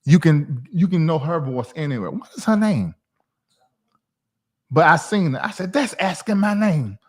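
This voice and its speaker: A man in his forties from the South, chatting casually on his livestream in a rambling, animated way. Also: on the high side, moderate pace. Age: 40s. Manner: rambling, animated, talks to chat viewers by name. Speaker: livestream host.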